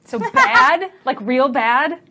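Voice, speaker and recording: A woman's voice: sits high, big pitch swings, takes it slowly, sharp tone. A woman playing a tabletop game, asking the game master curious questions with a giggly manner. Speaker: player. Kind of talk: casual tabletop play.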